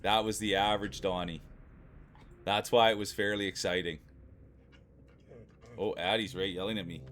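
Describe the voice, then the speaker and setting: A man chats away on a home live stream, greeting viewers by name in a friendly, rambling way and circling back to repeat himself. His voice sits fairly low. A faint hum of room ambience hangs behind him. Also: steady tone, moderate pace, pauses often. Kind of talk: casual chat with live viewers.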